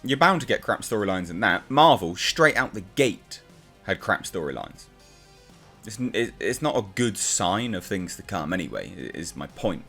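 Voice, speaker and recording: A man's voice: deep voice, big pitch swings, moderate pace, vocal fry, a bit bright, breathy edge, soft background music. A man reviewing a comic book in a casual, exasperated and sarcastic rant.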